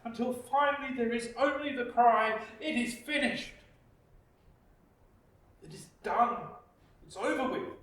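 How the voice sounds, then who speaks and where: A man with an Australian accent preaching a reflective sermon as pastor, slow with dramatic pauses. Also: extremely high pitch, fairly bright tone. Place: church. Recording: echoey church, distant mic.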